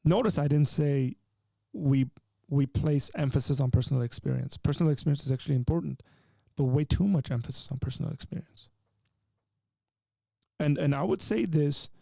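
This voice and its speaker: Guy hosting a live call-in stream, kinda high voice with a gravelly edge, jokey and animated. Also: normal speed, no echo, clean studio sound. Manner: animated and joking, teaching with rising emphasis. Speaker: livestream host. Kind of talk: live call-in show chat.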